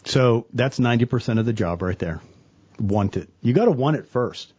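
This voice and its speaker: Lively, husky-voiced man. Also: medium pitch, moderate pace, muffled recording. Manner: earnest, animated storyteller, quotes people in voices. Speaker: church worker, guest on a talk show. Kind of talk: casual faith talk.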